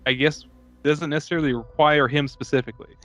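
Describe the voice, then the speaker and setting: A man's voice: fairly high pitch, fairly even intonation, fairly bright tone. A man co-hosting a podcast, riffing loosely on a movie and swearing casually while he talks. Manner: loose, sweary, quick to riff. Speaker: podcast co-host. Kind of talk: casual movie chat over beer.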